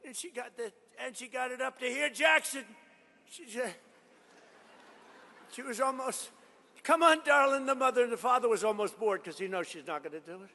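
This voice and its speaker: A man's voice: very high voice, moderate pace, creaky, bright, forceful tone. A man in his seventies giving a rambling, boastful rally speech in a large college hall. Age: 70s. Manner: rambling, boastful, digressive storytelling. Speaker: political speaker. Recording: reverberant hall sound.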